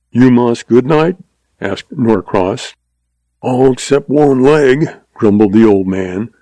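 A man narrating a western story in a steady, measured storytelling manner. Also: lowish voice, no room sound, low-quality recording.

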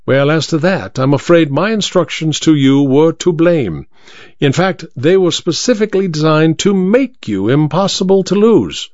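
A man voicing a shrewd Victorian detective who talks in a crisp, bland, self-assured way, in a storybook reading. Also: a little high, lively intonation, normal speed, darkish tone, dry recording, close to an everyday voice. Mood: explaining. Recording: dry, slightly dull recording.

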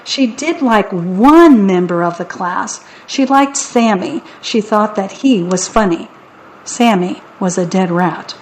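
A woman narrating a children's audiobook in a wry, deadpan way. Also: medium pitch, takes it slowly, slight background noise, rough recording.

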